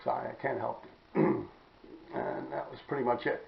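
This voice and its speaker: A man, hosting a podcast and telling stories in a blunt, profane, rambling way, often clearing his throat. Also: mid-range voice, flat delivery, moderate pace, noisy background. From New York City. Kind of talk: casual storytelling monologue. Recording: roomy, dull-sounding recording.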